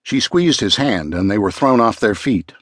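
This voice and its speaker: A male narrator tells a disaster story in a measured, dramatic way. His voice is on the low side, with a husky edge. He is heard on a close, dry studio mic. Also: expressive, fairly bright tone, no room sound. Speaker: audiobook narrator. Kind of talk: scripted narration.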